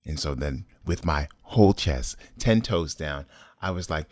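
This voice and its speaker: A middle-aged man recounts a personal story, animated and profane. His voice sits extremely low. The recording is dry and close. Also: a little slow, dry recording. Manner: animated, profane, dramatic retelling. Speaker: storyteller host.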